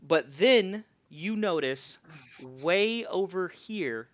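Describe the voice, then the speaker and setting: A man's voice: high voice, lively intonation, slow, dry recording, highs cut off. A man running a tabletop game as game master, narrating the scene casually and teasing his players.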